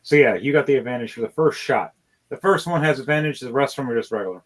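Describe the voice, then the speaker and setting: A man's voice: mid-range voice, animated, quick pace. A man narrating as dungeon master, loose and rambling, with fillers and the odd curse. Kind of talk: narrating a tabletop game.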